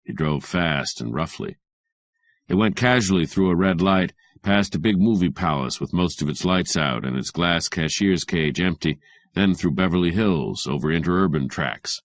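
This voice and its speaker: Male audiobook narrator, very low voice, measured and even delivery. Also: no echo, studio quality. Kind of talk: audiobook reading of hardboiled fiction.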